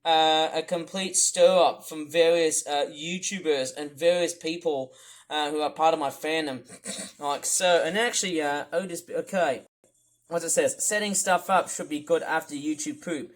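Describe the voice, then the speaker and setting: A man from the UK rambling through a livestream commentary, wordy and repetitive, swinging between loud bursts and low mutters. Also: fairly even intonation, moderate pace, rough recording. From United Kingdom. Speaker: YouTuber. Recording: faint music under the voice. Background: music playing.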